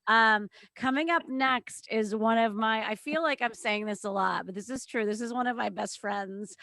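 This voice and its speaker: A show host introducing acts in a campy, gushing way over a video call. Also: female voice, fairly high pitch, normal speed, gravelly, bright, forceful tone, dry recording. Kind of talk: casual show hosting.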